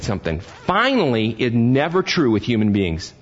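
A man's voice: mid-range voice, wildly swooping pitch, normal speed, husky. An older man preaching a sermon as pastor, talking plainly to his congregation and climbing to impassioned emphasis. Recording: dull lo-fi sermon recording.

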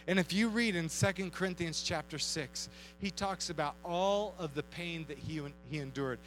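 A man preaching an energetic youth sermon, acting out quotes and shouting at times. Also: on the high side, normal speed, soft background music, rough recording. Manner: animated, acts out quotes, shouts and laughs. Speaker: youth pastor.

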